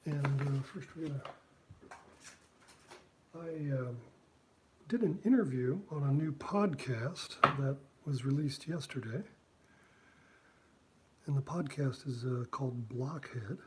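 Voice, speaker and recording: A man's voice: medium pitch, takes it slowly, pauses often, background noise. A man who is a cartoonist, chatting in a rambling way with many fillers and asides while he draws. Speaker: cartoonist drawing on stream. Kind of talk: casual chat while drawing.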